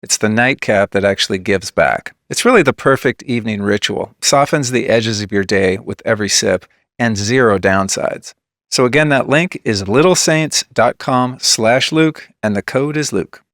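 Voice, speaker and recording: A man hosting a podcast, reading a sponsor spot in a relaxed, smooth promotional delivery. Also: on the low side, normal speed, no echo, studio quality. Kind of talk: scripted ad read.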